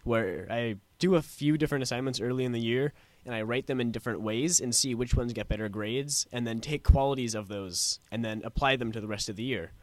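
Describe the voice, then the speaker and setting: A male panelist lays out his thinking in a measured, orderly way. His voice sits mid-range. The sound is dry, with no room. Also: medium pitch, no echo. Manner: measured, explains step by step. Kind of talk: panel talk show discussion.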